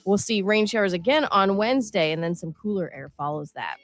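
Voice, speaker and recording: A woman giving a scripted radio weather forecast in a smooth, even meteorologist's delivery. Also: medium pitch, brisk, faint music behind.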